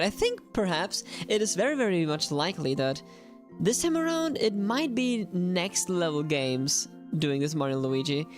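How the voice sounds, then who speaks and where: A young adult woman hosting a live gaming stream, chatting animatedly and addressing her viewers directly. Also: low voice.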